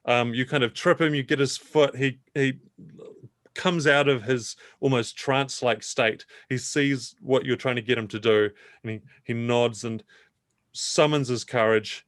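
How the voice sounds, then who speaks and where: A man's voice: mid-range voice, fairly even intonation, fairly bright tone, no room sound. Man narrating as dungeon master. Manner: measured, descriptive narration. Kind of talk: narrating a tabletop game.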